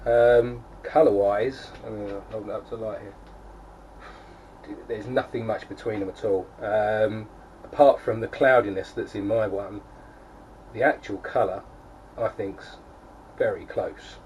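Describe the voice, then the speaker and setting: A man's voice: on the low side, steady tone, measured pace, lo-fi sound. Chatty man, set back from the mic. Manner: rambling, lots of fillers and restarts, chatty. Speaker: homebrewing vlogger. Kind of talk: casual chat to camera. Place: home, beside his kegerator. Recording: distant mic, faint background noise.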